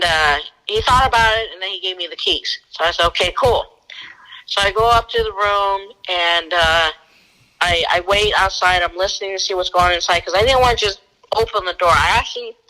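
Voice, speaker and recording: A woman recounts her experiences in relaxed conversation. Her voice sits in a middle range with a bright, sharp edge. She animates her account, leaping up in pitch whenever she acts out someone else's lines. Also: rough recording. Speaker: guest, former bounty hunter. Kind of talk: conversational storytelling.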